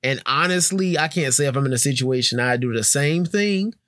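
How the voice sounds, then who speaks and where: Casting note: man, relaxed podcast co-host, mid-pitched, dry close sound. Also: a little fast, no room sound. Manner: laid-back, reflective, laughs along. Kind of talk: casual sports podcast banter.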